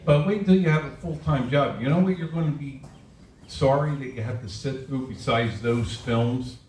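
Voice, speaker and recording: A man's voice: medium pitch, normal speed, a little mellow. A man in his sixties doing a self-deprecating stand-up comedy set for a live audience at a winery. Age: 60s. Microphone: camera on a tripod at the back of the room. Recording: echoey room, distant camera mic, audience noise.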